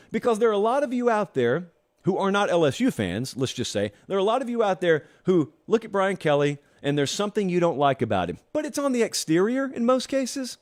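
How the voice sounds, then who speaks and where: A man hosting a sports talk show, talking straight to his viewers in an animated, sarcastic monologue. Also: a little high. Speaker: host.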